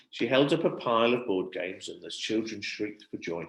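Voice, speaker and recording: Man reading a kids' story out loud, pitch all over the place, echoey room. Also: moderate pace, vocal fry, few pauses. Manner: expressive, lively storytelling. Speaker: primary school teacher. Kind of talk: reading a children's book aloud. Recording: roomy echo.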